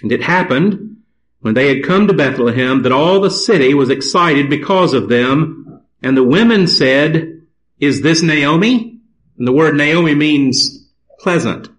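A man preaching a sermon, reading scripture aloud and explaining it in a slow, deliberate manner. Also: fairly high pitch, animated, fairly bright tone, low-quality recording.

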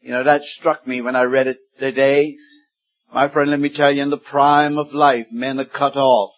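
A man in his seventies preaching a sermon, slow and deliberate, rising suddenly into loud emphatic peaks. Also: medium pitch, level tone. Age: 70s. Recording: dull lo-fi sermon recording.

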